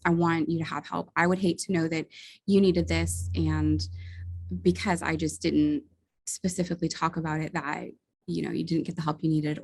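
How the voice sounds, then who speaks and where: A woman's voice: on the low side, vocal fry, a little mellow, no echo. A woman in her thirties telling a personal story in a casual, earnest and emotional way, with small laughs and sighs. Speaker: vlogger sharing a personal story.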